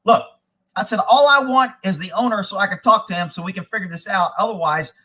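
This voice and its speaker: A man spins a profane story on a live show, his voice high and bright. He swears freely and acts out the people he quotes. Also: fairly quick. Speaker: host. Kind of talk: casual live-stream storytelling.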